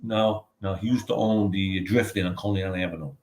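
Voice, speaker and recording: An older man with a low voice talks briskly over a background crowd. He's a guest and an author, telling casual stories in a rambling way, swearing freely and saying "you know what I mean" a lot.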